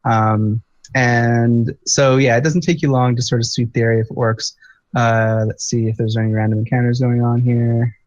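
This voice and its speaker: A man's voice: mid-range voice, level tone, normal speed, darkish tone, dry recording. A man running a tabletop game as game master, thinking aloud with many fillers. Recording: dull lo-fi dry recording.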